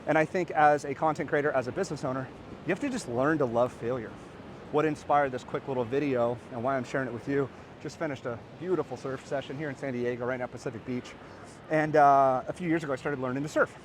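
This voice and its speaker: A man in his thirties, a podcast host and coach, giving an energetic, earnest motivational talk to camera outdoors by a beach. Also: medium pitch, fast, slight background noise. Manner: energetic, animated and earnest, rising to excited peaks.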